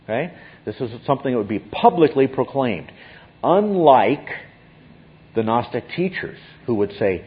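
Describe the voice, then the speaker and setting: A man's voice: mid-range voice, lively intonation, moderate pace, phone-quality sound, a little hiss or hum. A man giving an expository Bible teaching, emphatic and often checking in with his listeners.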